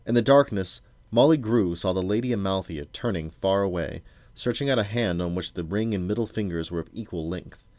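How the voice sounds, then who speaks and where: Deep-voiced dad, steady bedtime-story read, dry close sound. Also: male voice, brisk, no room sound. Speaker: father reading to his sons. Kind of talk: reading a storybook aloud.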